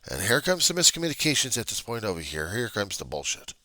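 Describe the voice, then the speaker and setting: A man's voice: on the low side, sing-song, quick pace, pushed and bright, no echo. A man talking through a raw, agitated video diary, repeating himself and swearing often. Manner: raw, agitated, profanity-laced, repetitive. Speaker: video diarist. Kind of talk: personal video diary monologue. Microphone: computer webcam.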